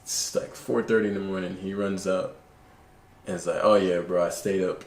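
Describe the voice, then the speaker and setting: A man telling stories in a relaxed, calm way during a casual podcast chat. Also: sits low, moderate pace, roomy sound. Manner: calm, laid-back storytelling.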